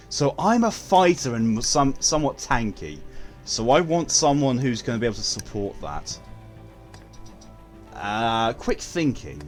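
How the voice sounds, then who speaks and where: Guy streaming a game, swears a lot, mid pitch voice, bit of music underneath. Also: very animated, normal speed. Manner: blunt and sweary, chatting with viewers while playing. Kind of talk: casual live-stream chat.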